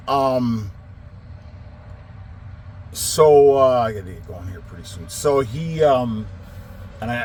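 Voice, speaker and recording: A man's voice: mid-range voice, breathy edge. A middle-aged man who runs a trucking business, casually telling a long story, rambling and swearing, getting heated as he retells it. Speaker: trucking company owner.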